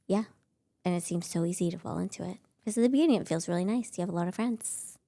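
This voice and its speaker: Gravelly-voiced woman telling rambling stories. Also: on the low side, fast talker, warm tone. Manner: rambling storytelling, many fillers like "like". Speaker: podcast guest, actress. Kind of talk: casual chat.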